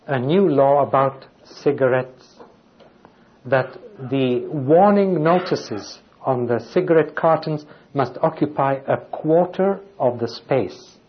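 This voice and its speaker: A man of middle pitch delivers a sermon, reading scripture passages aloud and pressing his listeners with rhetorical questions. The recording sounds dull and lo-fi, with little top end. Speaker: preacher.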